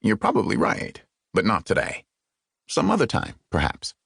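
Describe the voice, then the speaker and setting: A man's voice: on the low side, huge pitch swings, moderate pace, vocal fry, a bit bright, breathy edge, no echo, clean studio sound, full character voice. A man voicing a brusque, charming young man. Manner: curt, brusque. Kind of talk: audiobook character voice.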